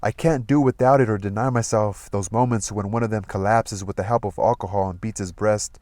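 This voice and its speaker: A man reading a novel aloud in a measured, expressive way. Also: lowish voice, no room sound. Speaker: audiobook reader.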